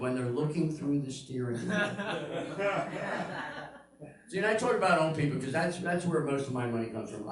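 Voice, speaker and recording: An older man from Pennsylvania working through a stand-up set. He tells his stories in a middling voice and suddenly jumps high to act out the people in them. The sound is echoey and a bit distant, as if caught from across a room. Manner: storytelling, acting out quoted voices with big pitch jumps. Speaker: stand-up comedian. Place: live comedy room, audience laughing.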